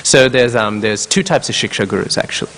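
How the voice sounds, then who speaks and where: A man of middle pitch gives a scripture class in a temple, telling its stories in a conversational way. He keeps checking in with his listeners through a questioning "hmm?" as he goes, and his voice carries a long reverb from the hall. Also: a little fast, a bit bright.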